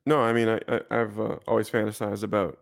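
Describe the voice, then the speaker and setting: A man's voice: on the low side, little pitch movement, fast talker, gravelly. A young man co-hosting a podcast, talking in a laid-back, rambling way and laughing easily. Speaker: podcast co-host. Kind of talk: casual chat.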